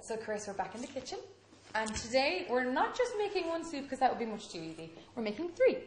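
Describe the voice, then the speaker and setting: A woman's voice: sits high, big pitch swings, fairly quick, faint music behind. A woman from Ireland presenting a TV cooking segment, bubbly and eager. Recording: echoey room with noise.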